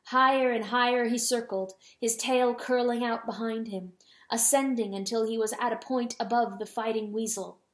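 Woman reading a story out loud, dramatic, kinda high voice, echoey room. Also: steady tone. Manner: dramatic, slowing on solemn words. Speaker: audiobook reader. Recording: roomy echo.

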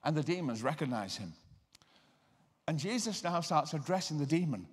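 A male preacher gives a lecture in a large hall, and a long reverb hangs on his voice. He speaks emphatically, in a slightly higher register than most men, and slows down to press home key words. He mixes scripture with personal stories. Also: sing-song, husky. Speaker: guest lecturer and deliverance minister.

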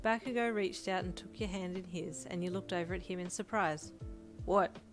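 A woman's voice: lowish voice, a little fast. Woman narrating a fanfic over music. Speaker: audiobook narrator. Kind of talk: second-person fanfic narration.

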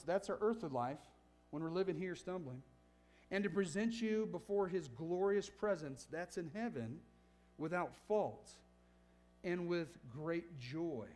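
This man's voice is high-pitched and slightly mellow. He's a pastor delivering a church sermon, earnest and emphatic, frequently checking in with listeners through "right?" asides.

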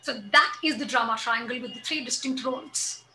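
A woman's voice: a little high, a little fast, pushed and bright, a little hiss or hum, rough recording. A woman on a video call, explaining a concept and retelling a family story while acting out the dialogue. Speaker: guest speaker.

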